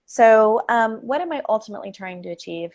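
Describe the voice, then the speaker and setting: Woman guest, lively, rambling delivery, interview setting. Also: on the high side, a little fast. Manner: energetic, rambling, laughs often. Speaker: creativity expert guest. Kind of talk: live interview conversation.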